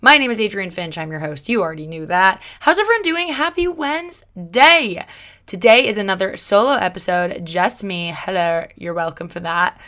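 A woman's voice: fairly low pitch, animated, brisk, hardly any pauses, a bit bright. A woman hosting her own solo podcast, talking in a chatty, upbeat and encouraging way with playful asides. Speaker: podcast host.

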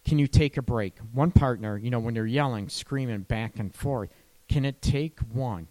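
A man's voice: mid-range voice, normal speed, warm tone. A man hosting a relationship advice show, talking casually and often checking in with "right?". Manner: conversational, often asks "right?". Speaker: radio relationship advice host.

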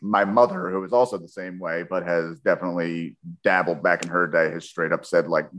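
A man's voice: deep voice, fairly even intonation, a little fast, hardly any pauses, a bit bright. A man hosting a podcast, chatting casually about a book with a guest in a rambling, jokey way. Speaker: podcast host. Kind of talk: casual book-club chat.

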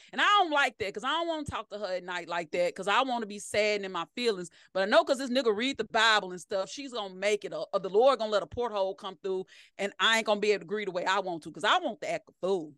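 A middle-aged woman, telling profane, animated stories as a podcast co-host. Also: medium pitch, no echo, clean studio sound. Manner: animated, profane storytelling with acted-out quotes. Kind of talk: casual chat.

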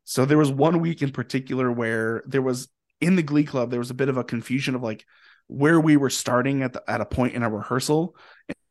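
A young man from Indiana, a podcast guest and musician, telling stories in a rambling, animated way and swearing freely. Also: mid-range voice, fairly quick. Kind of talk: casual storytelling.

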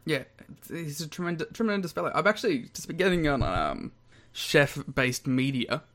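A young man co-hosting a podcast in casual banter, laughing often and throwing in quick asides. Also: a little high, very animated, a bit bright. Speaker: podcast co-host.

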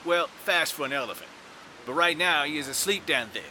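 An actor playing a chatty zoo train conductor giving folksy, rambling tour patter. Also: male voice, on the high side, a little fast, sharp tone, a little hiss or hum.

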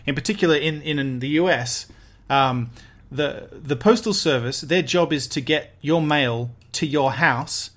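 A man's voice: on the high side, measured pace, hardly any pauses, fairly bright tone. An Australian man hosting a podcast in casual chat, laughing easily and often restarting his sentences. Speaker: podcast host.

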